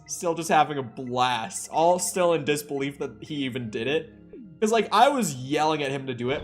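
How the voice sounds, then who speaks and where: Animated young man telling a story on a stream. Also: on the high side. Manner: animated, laughing often, swears casually. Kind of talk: casual storytelling on a game stream.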